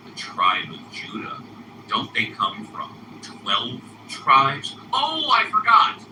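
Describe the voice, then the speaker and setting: A man hosting a live audio chat room, moderating callers with animated, drawn-out calls and repeated phrases. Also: mid-range voice. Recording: echoey, distant, noisy room pickup.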